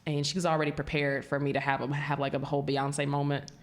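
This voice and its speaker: A woman hosting a podcast in casual chat, telling stories in an animated way and laughing often. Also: low voice, quick pace, echoey room. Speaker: podcast host.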